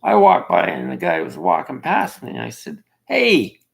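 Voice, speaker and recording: Gravelly husky man, rambling opinion monologue, wild pitch swings, slow delivery. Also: wildly swooping pitch. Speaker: self-made video commentator. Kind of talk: casual monologue.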